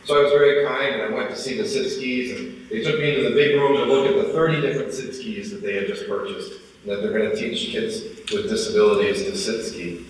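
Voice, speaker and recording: A man in his forties giving a motivational speech, telling a personal story and getting more animated as he goes. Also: mid-range voice, a little fast, a little hiss or hum. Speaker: motivational speaker. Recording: echoey hall, from far off.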